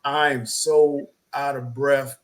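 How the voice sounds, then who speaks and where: A man co-hosting a talk show, telling a personal story in a casual, animated way, often repeating words and acting out quotes. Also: mid-range voice, slow, rough recording. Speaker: podcast co-host.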